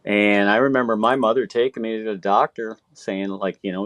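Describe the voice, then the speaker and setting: His voice is fairly low and his delivery fairly quick as this man in his sixties tells casual stories, dropping swear words and acting out what folks said. No room sound is audible.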